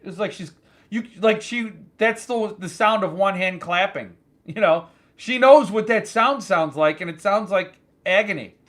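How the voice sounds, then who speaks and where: A man hosting his own channel, telling a story in an animated, joking casual chat. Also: high voice, unhurried. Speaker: channel host.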